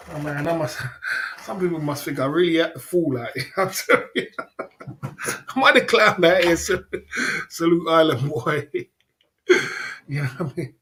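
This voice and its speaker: A man's voice: a little high, animated, unhurried, pauses often, sharp tone. Slangy, chatty male livestream host. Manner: repeats phrases, slangy, laughs often. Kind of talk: casual livestream chat.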